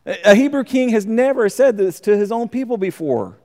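A man's voice: high voice, expressive, fairly quick, darkish tone. A man teaching a verse-by-verse Bible study, reading scripture aloud and commenting on it. He often stumbles and repeats words. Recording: long hall reverb.

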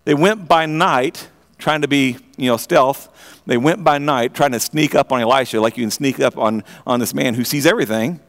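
A man preaching a sermon, retelling a story in an animated way, often restarting his phrases and asking his listeners direct questions. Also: on the high side. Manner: animated storytelling with frequent repeated starts; asks the audience direct questions.

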